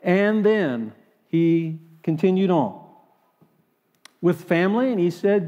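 A man's voice: sits high, lively intonation, slow pace, pauses often, dark tone, big-room sound, muffled recording. A man preaching a sermon in a church, folksy and full of hesitant fillers. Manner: folksy, with frequent fillers and restarts. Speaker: guest preacher.

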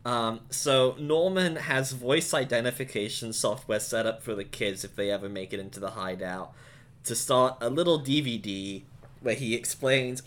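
A man's voice: medium pitch, moderate pace, fairly bright tone. A man co-hosting a podcast in casual chat, summarizing with wry, sarcastic jokes. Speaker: podcast co-host.

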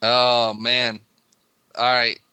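Chatty podcast host man, bright voice. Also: mid-range voice, completely flat delivery, extremely slow, smooth, dry recording. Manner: chatty, rambling, laughs often. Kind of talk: casual chat.

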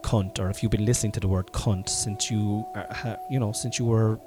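A middle-aged Irish man hosting a podcast from home while sick, coughing now and then, rambling and swearing, with sudden loud bursts. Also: on the low side, fairly even intonation, a little fast, over music. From Ireland. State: sick with covid, congested and coughing. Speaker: podcast host. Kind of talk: casual solo podcast monologue.

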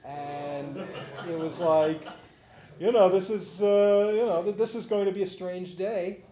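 A man's voice: high-pitched, steady tone, measured pace, warm tone. Chatty man telling stories, roomy echo. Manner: chatty, laughs often, many "you know" fillers. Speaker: author and interview guest. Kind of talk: casual anecdotal storytelling.

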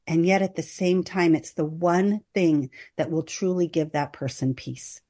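Low-voiced woman, earnest and measured. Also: mellow. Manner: earnest and measured, reads with long list-like pauses. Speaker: hospice nurse and end-of-life doula, podcast guest. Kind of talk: podcast interview, partly reading from her book.

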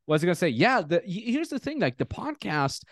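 A man hosting a podcast in casual chat, telling stories with lively acted-out quotes. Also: high-pitched, fairly quick, no room sound, studio quality. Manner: animated storytelling, acts out quotes loudly. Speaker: podcast host.

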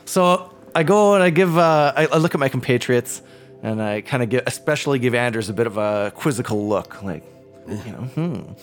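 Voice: medium pitch, lively intonation, moderate pace, faint music behind. A player describing their character's actions in a tabletop game, hesitant and rambling.

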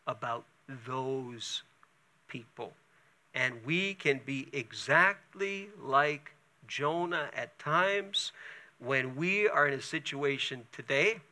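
A male pastor preaching a sermon, telling the story in an animated way with chatty asides. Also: fairly high pitch, gravelly.

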